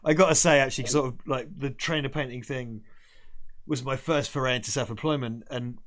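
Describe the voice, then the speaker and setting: A man's voice: medium pitch, fairly even intonation, a little fast, a crowd in the background. A man co-hosting a casual stream, rambling and laughing through slightly drunk banter. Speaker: stream co-host. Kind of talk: casual chat.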